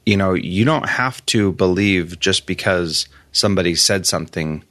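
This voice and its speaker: A man's voice: deep voice, normal speed, fairly bright tone, no echo. A man hosting a podcast, speaking in an earnest, encouraging and reflective way. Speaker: podcast host. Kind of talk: casual interview chat.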